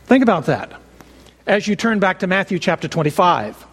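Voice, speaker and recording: High-voiced male preacher in a hall. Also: sing-song, fairly bright tone. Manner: measured, emphatic preaching with slow stressed phrases. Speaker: pastor. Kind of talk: expository sermon. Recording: long reverb of a large hall.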